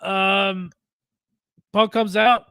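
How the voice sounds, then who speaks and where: A male podcast host in casual chat, with a slightly high voice. He stumbles and restarts his words often. The sound is dry and close. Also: flat delivery, very slow, gravelly, bright, forceful tone, clean tone, no room sound. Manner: stammers and restarts a lot.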